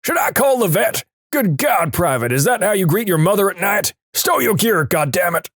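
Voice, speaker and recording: A man voicing a furious male drill instructor who yells insults at recruits. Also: high-pitched, big pitch swings, normal speed, dry recording, studio quality, voice pushed up, full character voice. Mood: yelling. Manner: yelling insults.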